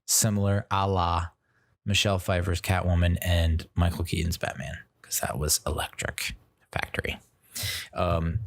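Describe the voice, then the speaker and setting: A young man with a deep, low-pitched voice chats casually about films. He rambles, stops and restarts sentences, and leans on fillers as he talks. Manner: rambling, filler-heavy, self-interrupting. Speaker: podcast host reviewing movies.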